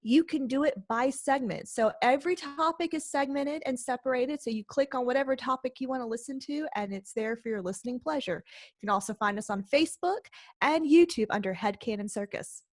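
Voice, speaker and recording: A woman with a fairly high voice co-hosts a podcast in relaxed conversation. She talks in an excitable, chatty way and is quick to laugh. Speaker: podcast co-host. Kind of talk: casual podcast chat.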